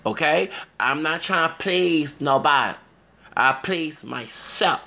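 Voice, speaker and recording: Gravelly, bright-voiced man ranting. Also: animated, slow pace. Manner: emphatic, profane, swings between low mutters and loud outbursts. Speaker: vlogger. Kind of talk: impassioned personal rant. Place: Houston.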